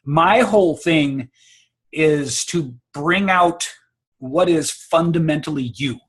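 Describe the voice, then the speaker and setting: A man's voice: on the high side, takes it slowly, fairly bright tone. A man coaching public speaking on a video call, confident and emphatic, often repeating words as he restarts. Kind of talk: casual advice on a video call.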